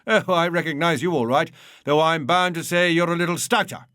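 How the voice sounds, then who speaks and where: A man reading a memoir aloud and voicing an effusive, pushy bogus Viennese gentleman. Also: brisk, dry recording, studio quality. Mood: gushing. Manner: gushing, insistent, higher pitched. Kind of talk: audiobook reading.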